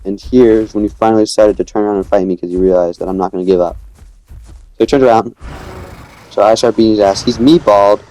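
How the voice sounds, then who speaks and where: Low, mellow-voiced young man recapping gameplay. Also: fairly even intonation, fast talker, dry recording, faint music behind. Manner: rambling storytelling, acts out quoted lines. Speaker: gamer narrating his own gameplay. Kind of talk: casual gameplay commentary.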